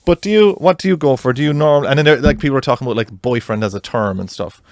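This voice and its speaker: A young man co-hosting a podcast, chatting in a rambling, animated way. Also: mid-range voice, fast, dry recording, clean studio sound. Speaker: podcast co-host. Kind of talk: casual chat.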